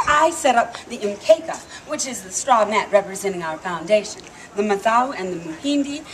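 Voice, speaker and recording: A woman telling a story live to an audience, lively and coaxing the crowd to call back. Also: mid-range voice. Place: outdoor theme park stage. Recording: noisy live outdoor recording.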